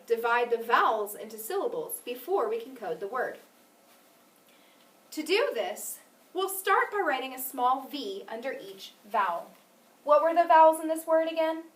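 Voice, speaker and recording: A woman teaching a phonics lesson, patient and clear, stressing syllables carefully and encouraging her student. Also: a little high, recorded from a distance. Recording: echoey room, voice from off mic.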